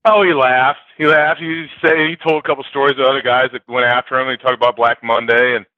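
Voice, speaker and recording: A man's voice: mid-range voice, quick pace, no echo, phone-quality sound. An older man, a former player, telling stories in an interview and acting out the quotes with a laugh. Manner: animated storyteller, acts out quotes loudly, laughs often. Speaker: former college football player, guest. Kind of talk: interview storytelling.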